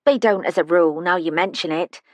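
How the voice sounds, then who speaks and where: A woman's voice: on the low side, fairly quick, darkish tone, dry recording, lightly acted. Woman narrator doing a chatty, helpful female care-home staffer in a storybook.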